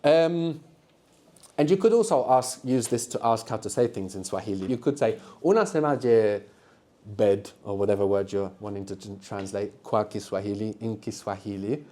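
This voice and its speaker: A man's voice: fairly low pitch, normal speed, dark tone. A man teaching a live beginners' language workshop to students in a classroom, patient and encouraging, explaining step by step. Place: university classroom.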